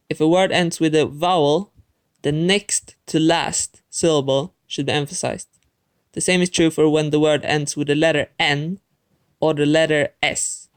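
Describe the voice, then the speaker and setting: A man teaching a language lesson in a clear, methodical scripted narration, talking straight to the viewer. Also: a little high.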